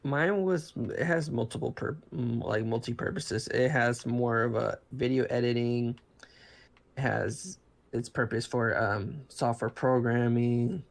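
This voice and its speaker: A man's voice: mid-range voice, measured pace, vocal fry. A man chatting casually about laptops, rambling, with many restarts and fillers. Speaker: podcast co-host. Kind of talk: casual chat.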